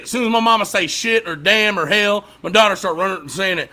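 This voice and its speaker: A man with a high, bright voice chats on a podcast, and he laughs as he talks. His stories about his kids are loose and full of cursing. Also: fast talker, few pauses. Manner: loose, laughing, profane storytelling. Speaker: podcast co-host. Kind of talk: casual chat.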